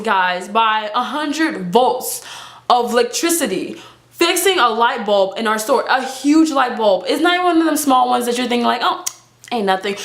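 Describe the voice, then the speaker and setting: Young woman, vlogger, high voice, dramatic storytelling, echoey room. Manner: animated and dramatic, acting out her own reactions with frequent laughs. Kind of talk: casual storytime vlog.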